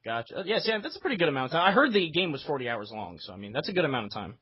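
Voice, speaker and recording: A man's voice: medium pitch, very animated, racing, slightly rough, dry recording. A man hosting a casual video game podcast, rambling with plenty of fillers. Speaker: podcast host. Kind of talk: casual chat. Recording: dull, dry lo-fi sound.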